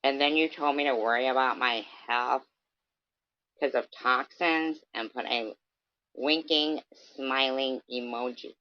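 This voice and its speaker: A woman vlogger rants angrily into her camera on a livestream, confrontational and cursing freely, at times slipping into mockery. Her voice is described as extremely low in pitch yet sitting in a middle register, fairly even in intonation and a little slow. The sound is dry and close with no room around it, dull and lo-fi, as from a simple home setup.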